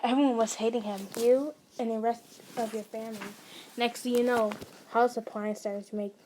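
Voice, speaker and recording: Female narrator, casual fanfic reading; plain delivery, voice a touch high. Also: steady tone, normal speed, mellow, a little hiss or hum. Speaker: storyteller.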